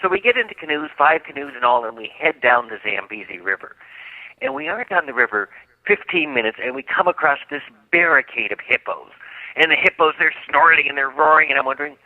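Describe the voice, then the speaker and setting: A man's voice: fairly high pitch, expressive, a little fast, no room sound. A man telling a story as a radio guest, vividly acting out the quotes. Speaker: guest author. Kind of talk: animated storytelling. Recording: dry, phone-like line.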